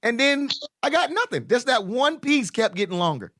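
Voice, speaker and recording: A man's voice: very high voice, normal speed, no room sound, studio quality. A man hosting a podcast in casual chat, joking and telling stories with lots of laughter. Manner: joking, animated storyteller who laughs often. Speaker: podcast host.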